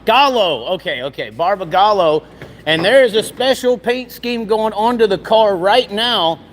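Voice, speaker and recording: A man's voice: high-pitched, expressive, unhurried. A chatty, joking man, interviewing people on location in a race car shop. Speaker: racing vlogger. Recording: reverberant shop with faint noise.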